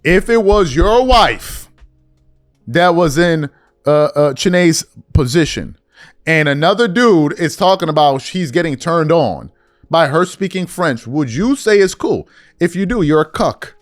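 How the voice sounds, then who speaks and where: A man's voice: on the high side, expressive, measured pace, dry recording, soft background music. A man hosting a reaction commentary, blunt and incredulous, talking in slangy casual speech. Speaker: commentary host.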